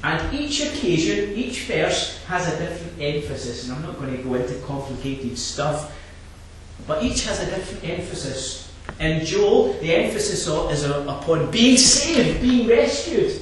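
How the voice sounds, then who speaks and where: A man with a fairly high voice preaching a sermon, dropping low and quiet before rising to loud, impassioned repeated phrases. He sounds far from the microphone in a very echoey hall, with faint noise behind him. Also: very animated, moderate pace.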